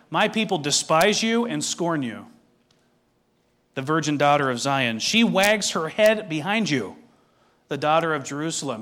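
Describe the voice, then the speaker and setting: A man with a fairly high voice delivers a sermon as pastor. He reads passages of scripture aloud, then explains them at a measured pace and puts direct questions to his listeners. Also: a bit bright.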